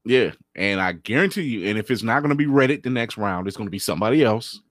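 A man's voice: lowish voice, expressive, fast. A man co-hosting a podcast in casual chat, explaining things at length and laughing often. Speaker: podcast co-host.

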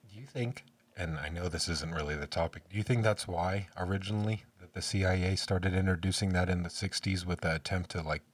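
A man's voice: low voice, a little fast, husky, distant mic. A man co-hosting a casual podcast, joking crudely and bantering. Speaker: podcast co-host. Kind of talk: casual chat.

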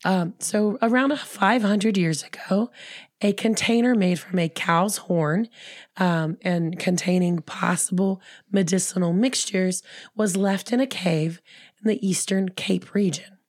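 A woman co-hosting a podcast in casual chat, her voice hoarse from a cold, rambling with fillers and restarts. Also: mid-range voice, measured pace, a little mellow, dry recording, clean studio sound. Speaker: podcast co-host.

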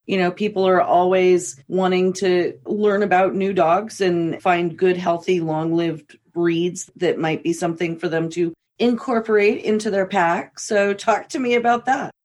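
A woman's voice: on the low side, steady tone, a little slow, few pauses, a little mellow. A woman hosting an interview, asking open questions and affirming often.

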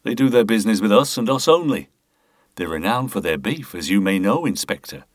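A man's voice: fairly low pitch, expressive, a little fast, no room sound, clean studio sound. A man voicing a blustering market manager. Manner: blustering, defensive. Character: shifty self-important male market manager.

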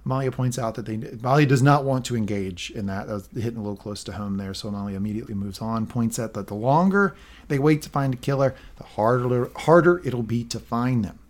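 A man's voice: medium pitch, quick pace. A man co-hosting a podcast, casually recapping a TV episode and reading out quoted lines. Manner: narrates plot, reads quoted lines aloud. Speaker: podcast co-host.

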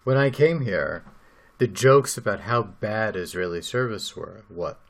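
A man co-hosting a podcast, chatting in a relaxed way and jumping in with asides. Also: on the low side, measured pace. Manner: relaxed, reactive listener who jumps in with asides. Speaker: podcast co-host. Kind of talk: casual conversation.

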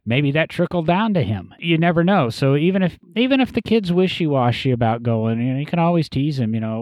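A man's voice: fairly high pitch, animated, fairly quick, hardly any pauses, dry recording, dull audio. Easygoing man chatting on a podcast. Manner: rambling, easygoing, frequent "you know" fillers. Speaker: podcast co-host. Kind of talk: casual podcast chat.

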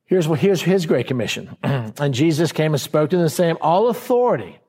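This man is a pastor delivering a conversational verse-by-verse sermon, slowing for emphasis on key words and performing scenes with quoted voices. He sounds fairly high-pitched and animated, a little mellow with a breathy edge.

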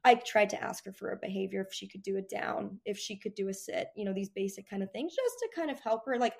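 A woman answering interview questions about training her dog, animated and acting out cheerful voices. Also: medium pitch, brisk, creaky.

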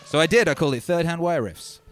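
A man hosting a DJ livestream, chatting casually and rambling between shout-outs to his viewers. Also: on the high side, lively intonation, fast, a little hiss or hum. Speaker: DJ and livestream host. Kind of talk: casual livestream chat over music. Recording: loud music playing under the voice.

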